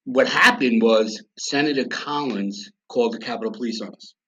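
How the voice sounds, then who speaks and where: A man's voice: mid-range voice, moderate pace, breathy edge, muffled recording. A middle-aged man, telling stories bluntly and with swearing as a podcast guest. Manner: blunt, profane, animated storyteller. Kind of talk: casual storytelling.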